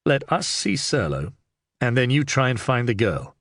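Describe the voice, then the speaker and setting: A man voicing a serious, upright young under-sheriff who speaks in a measured, stern way in an audiobook. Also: medium pitch, very animated, a bit bright, dry recording, studio quality.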